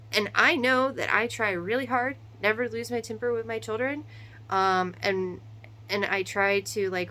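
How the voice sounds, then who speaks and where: Venting to camera, a mother of three in her thirties keeps up an animated, casual monologue with rapid asides and rhetorical questions. She speaks at a medium pitch over poor-quality audio.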